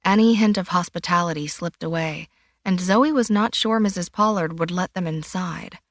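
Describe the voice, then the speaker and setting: A woman with a low voice narrates a thriller audiobook, steady and measured. The recording is close and dry, with no room sound around her. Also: no room sound. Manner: even, measured storytelling.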